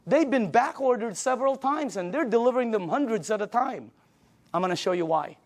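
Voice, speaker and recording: A man giving an emphatic, energetic sales pitch to a live audience in a meeting room, chuckling between points. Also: brisk. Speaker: sales presenter.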